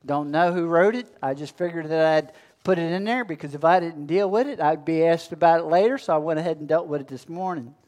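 A male pastor delivering a sermon in a fairly high, smooth and resonant voice. He builds momentum through a chain of repeated phrases, pressing each line home with preaching cadence. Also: fairly quick, hardly any pauses, a little mellow.

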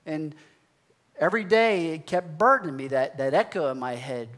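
Guy pastor, kinda high voice, folksy storytelling in a sermon. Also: moderate pace, fairly bright tone. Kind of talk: sermon testimony.

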